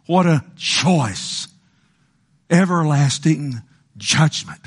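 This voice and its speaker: An older man preaching a sermon with passion, moving from loud pleading to hushed lines and acting out the voices he quotes. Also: mid-range voice, vocal fry, breathy edge.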